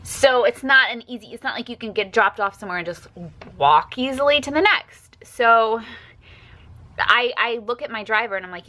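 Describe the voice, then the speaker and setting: A woman recounts a story in a casual storytime vlog. Her voice is bright and forward, and she speaks emphatically and with indignation. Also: fairly high pitch, normal speed. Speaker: YouTuber telling a story.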